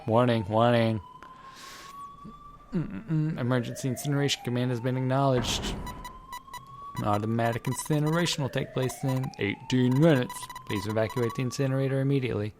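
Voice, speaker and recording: A man voicing a cold automated warning system that announces in a flat, measured way, with game music behind. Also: mid-range voice, voice pushed up, close to an everyday voice. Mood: announcing.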